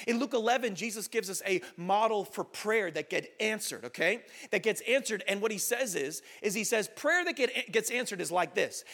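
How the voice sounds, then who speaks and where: A man in his thirties preaching a sermon as pastor, passionate and building to loud exhortation, acting out quoted voices. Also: high-pitched.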